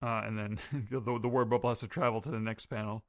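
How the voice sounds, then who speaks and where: A man hosting a podcast, recapping a comic chapter in casual, animated talk. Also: on the low side, fast talker, dry recording, studio quality. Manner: animated, acts out quotes. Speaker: podcast host.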